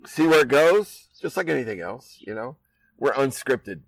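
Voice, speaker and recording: A man's voice: medium pitch, lively intonation, moderate pace, gravelly, no echo, recorded from a distance, rough recording. Easygoing guy from iowa hosting a podcast out in a backyard, chatty and laughing, dry close sound. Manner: laid-back, laughing, chatty. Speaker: podcast host. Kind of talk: casual chat. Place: outdoors in a backyard.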